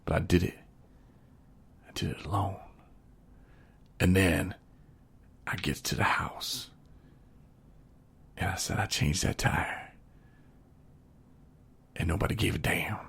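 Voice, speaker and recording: A very deep, gravelly man spins a yarn in a drawling, folksy manner. He drops into hushed asides between lines. He sounds like a casual podcast co-host. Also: fairly even intonation, takes it slowly, pauses often, whispered. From Michigan. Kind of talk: casual storytelling chat.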